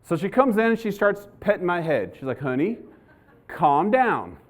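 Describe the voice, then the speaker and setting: A middle-aged police trainer gives a live training talk to an audience in a university lecture hall, telling stories along the way. Conversational, he acts out his own panic, and his voice is high-pitched, animated and a little fast.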